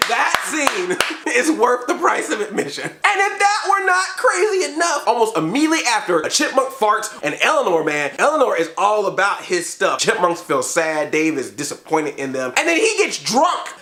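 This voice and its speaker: Animated laughing man reviewing movies. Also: high voice, normal speed, echoey room. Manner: animated, laughing, mock-outraged.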